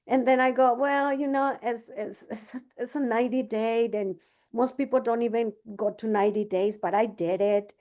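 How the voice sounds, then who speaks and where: Chatty woman coach, slightly high voice. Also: moderate pace. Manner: animated, acts out both sides of conversations; chatty, many fillers and restarts. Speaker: business coach. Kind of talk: casual training talk with storytelling.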